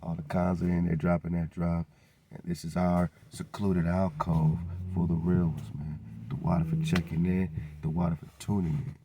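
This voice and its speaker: Low mellow voiced dude preaching on his radio show, hyped, says man nonstop. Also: flat delivery, moderate pace, slight background noise. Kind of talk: casual monologue with promo plugs.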